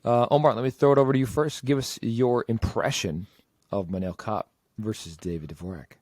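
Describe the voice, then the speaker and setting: A man hosting a podcast, introducing fights and reading fighter stats in a measured way. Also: medium pitch, darkish tone, dry recording. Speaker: podcast host. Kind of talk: casual show segment host.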